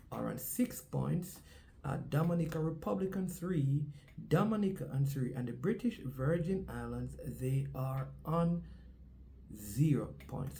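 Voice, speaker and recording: Jamaican male sports host, warm mellow tone, preachy repetitive delivery. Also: fairly high pitch, slight background noise. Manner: preacher-like cadence, repeats phrases for emphasis. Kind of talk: casual sports commentary with a sermon-like opening.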